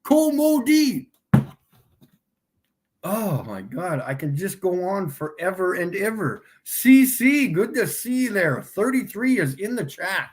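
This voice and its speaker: A man hosting a casual livestream, mocking his viewers and laughing often as he repeats his points slowly for emphasis. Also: sits high, very animated, a little hiss or hum. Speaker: livestream host.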